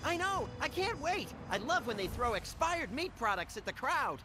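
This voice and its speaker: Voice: sits high, sing-song, normal speed, noisy background. A woman voicing a hyperactive, gleefully violent rabbity creature in a cartoonish video game.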